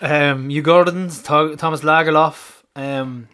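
A man's voice: fairly high pitch, fairly even intonation, takes it slowly, a bit bright. A man co-hosting a casual football fan podcast, jokey and laughing often, swearing casually. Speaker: podcast co-host.

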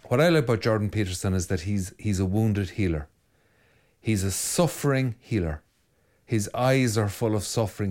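A middle-aged Irish priest in casual monologue, answering viewer comments as an animated storyteller with musing asides. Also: male voice, lowish voice. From Ireland.

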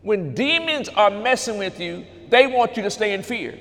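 A man's voice: sits high, animated, moderate pace, fairly bright tone, in a large hall. A man preaching a sermon in a church, calling out to the congregation and quoting scripture. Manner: preaching with call-and-response to congregation. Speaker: pastor.

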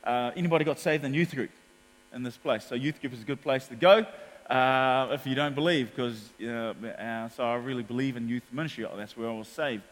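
A man with a New Zealand accent preaching a sermon as pastor, animated in his storytelling. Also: mid-range voice, brisk, in a large hall. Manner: animated storytelling, acts out quotes.

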